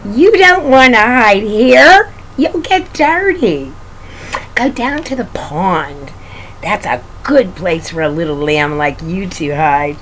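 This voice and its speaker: A woman's voice: mid-range voice, lively intonation, slow pace, fairly bright tone, slight background noise. A woman doing a bossy farmyard pig.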